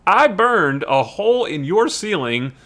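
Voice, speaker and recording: A man's voice: sits high, big pitch swings, measured pace, a bit bright, voice pushed up, heavily acted. A man voicing a clingy young male agent who is overly polite and keen to please, while reading comics on a livestream. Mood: eager.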